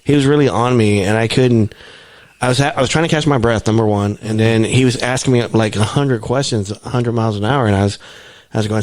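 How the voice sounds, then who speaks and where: A man co-hosting a podcast, telling stories in a casual, halting way with many restarts. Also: on the low side, steady tone, a little mellow, no room sound. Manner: rambling, halting, frequent restarts. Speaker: podcast co-host. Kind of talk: casual chat.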